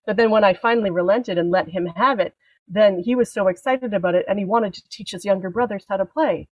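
A mother in her forties talks frankly and wryly in casual chat, her sentences sometimes halting. Her pitch is middling. The recording is close and dry. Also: no echo, lo-fi sound. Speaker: podcast guest co-host.

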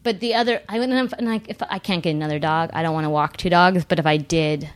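A woman's voice: lowish voice, fast talker. A woman guest on a podcast, telling stories in a rambling, digressive way full of restarts. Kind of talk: casual chat.

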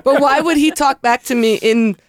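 A woman's voice: high voice, normal speed, no echo, clean studio sound. A woman on a comedy podcast telling a self-deprecating travel story, giggling as she goes. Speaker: contestant.

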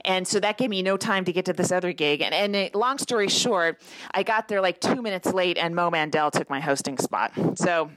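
A woman's voice: on the low side, brisk, a bit bright, dry recording, rough recording. Rambling, breathless woman comic. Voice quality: rambling, self-interrupting storyteller. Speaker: podcast co-host. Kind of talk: casual chat. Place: hotel room.

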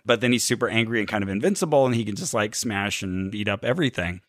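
A man co-hosting a podcast, joking around and swinging from loud exclamations to low deadpan asides. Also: fast talker, no echo, clean studio sound. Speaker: podcast co-host. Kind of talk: jokey podcast banter.

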